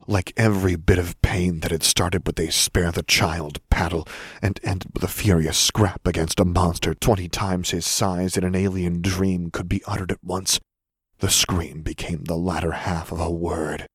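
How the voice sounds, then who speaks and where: Deep husky male audiobook narrator. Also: no echo, clean studio sound. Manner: measured and intense, dropping to a whisper for inner thoughts.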